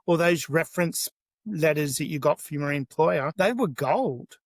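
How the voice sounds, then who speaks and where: A middle-aged man, a chef as podcast guest, telling animated anecdotes with many restarts. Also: fairly high pitch, normal speed, dry recording. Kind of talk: podcast interview, storytelling.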